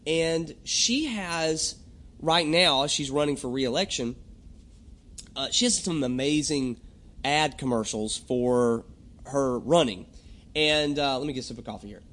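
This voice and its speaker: A young adult man hosting a podcast, talking in a rambling, jokey monologue and often clearing his throat. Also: medium pitch, expressive, unhurried, a bit bright. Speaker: podcast host. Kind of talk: casual comedic monologue.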